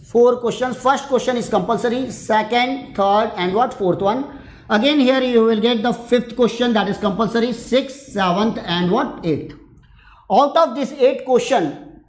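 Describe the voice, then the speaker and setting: This online lecture comes from a man whose voice is very high-pitched and echoes noticeably. Speaking with an Indian English accent, he preps students for an exam, restating points, throwing out rhetorical questions and slipping into Hindi.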